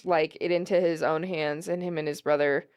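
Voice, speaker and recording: A woman's voice: low-pitched, steady tone, normal speed, a little mellow, smooth. Casual, foul-mouthed woman co-host. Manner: casual, swears freely. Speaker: reaction video co-host. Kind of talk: casual chat.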